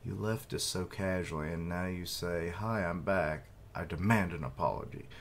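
A man's voice: low voice, moderate pace, a little hiss or hum. A man reading a young woman's lines as she reproaches a friend who left. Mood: reproachful.

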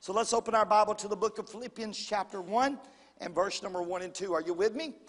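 A man's voice: high-pitched, fast talker, a bit bright. A man preaching a sermon in a folksy way, repeating phrases and calling on the congregation to answer. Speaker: pastor. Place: church sanctuary. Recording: long reverb of a church hall.

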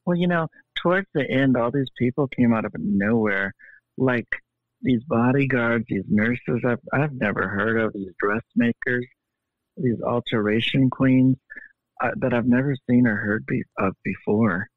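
A man's voice: medium pitch, a little slow, no room sound. A man telling stories as a podcast guest in a flamboyant, theatrical way, heard over a thin phone-like connection. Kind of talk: animated storytelling. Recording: tinny phone-like line.

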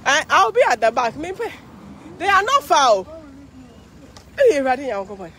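Walking along a parade on an outdoor city street, a Ghanaian woman vlogs live, tired from the walk but chatty and full of exclamations. Her voice is high, sing-song and sharp, and she talks at a normal speed.

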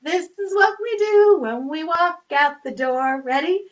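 A woman's voice: very high-pitched, a little slow, dull audio. A woman, a children's librarian, singing movement rhymes and leading playful activities for kids at home in a bubbly, sing-song manner.

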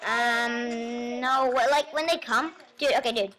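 A woman's voice: fairly high pitch, measured pace. A girl gaming with a friend in playful, teasing chatter. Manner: playful, teasing, meows for fun. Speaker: gamer. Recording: home mic with steady noise.

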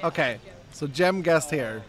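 A man's voice: fairly high pitch, expressive, a little slow. A man chatting casually on a livestream while presenting player builds, amused and laughing often.

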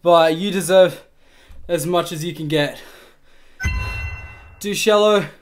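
A male livestreamer thanking donors on a live stream, stammering and swearing in disbelief, with sudden bursts of shouting. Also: fairly high pitch, slow pace.

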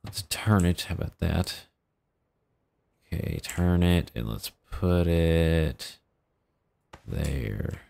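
A man's voice: low-pitched, animated, extremely slow, creaky, pauses often, darkish tone. A man giving casual, joking gameplay commentary, talking back to the game's characters in mock exasperation. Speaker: gaming YouTuber.

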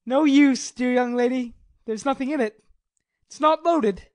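A worn-out male Swiss mercenary, jumpy and wry yet unfailingly polite, read by a woman. The voice sits a touch high. It comes across dry and close, with no room around it. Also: expressive, measured pace, dry recording. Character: weary hungry male Swiss mercenary soldier. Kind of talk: audiobook drama reading.

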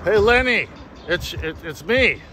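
A man rambling through a jokey, absurd street vlog outdoors, swearing and breaking into sudden squeaky outbursts. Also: animated, measured pace. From Canada. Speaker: vlogger. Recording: outdoor street noise and traffic.

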